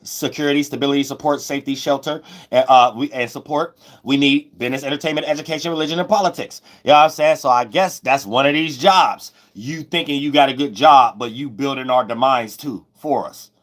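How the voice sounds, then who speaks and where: A man giving a loose, rambling spiritual astrology monologue, repeating himself and breaking into sudden loud, high shouts. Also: fairly quick, few pauses. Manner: loose, preachy, repeats "you know what I'm saying", bursts into loud high shouts.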